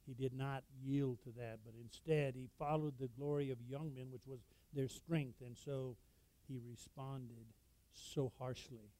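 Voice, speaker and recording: A man preaching a sermon, reading scripture and explaining it with sudden loud emphasis. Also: mid-range voice, steady tone, measured pace, low-quality recording. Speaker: pastor.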